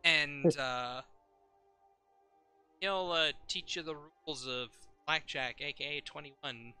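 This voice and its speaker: Bright, lively male game master. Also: on the high side, slow, smooth, faint music behind. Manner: animated, laughing, chatty. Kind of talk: running a tabletop game.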